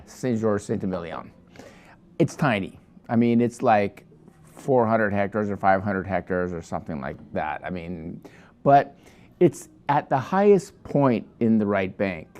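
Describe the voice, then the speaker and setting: A man's voice: on the low side, expressive, slow, a little mellow. A man presenting a wine for his shop in a casual, rambling review full of digressions and restarts.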